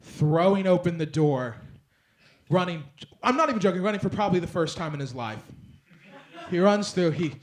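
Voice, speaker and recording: A man's voice: sits high, lively intonation, moderate pace. Rambling young man doing stand-up. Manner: rambling storyteller, filler-heavy, swings loud when acting out others. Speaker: stand-up comedian. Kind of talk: stand-up comedy set. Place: comedy club stage with laughing audience. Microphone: handheld stage mic.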